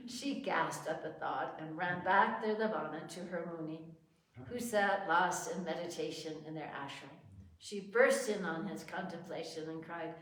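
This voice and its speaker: A woman reading a sacred story aloud in a measured way, heard from far off in an echoey hall. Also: sits low. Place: ashram hall.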